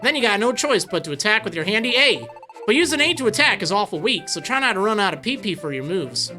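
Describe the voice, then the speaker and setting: A woman's voice: medium pitch, big pitch swings, fast talker, pushed and bright, faint music behind. Woman doing a folksy leaf-creature guide. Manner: drawling, homespun sayings. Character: folksy country-talking male leaf creature, helpful guide. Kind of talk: reading game dialogue aloud.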